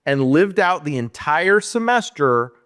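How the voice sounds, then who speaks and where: A man's voice: a little high, very animated, unhurried, a bit bright. A man co-hosting a podcast, talking through a film plot in casual chat and ranting with exasperated rhetorical questions. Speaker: podcast co-host. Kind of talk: casual movie review chat.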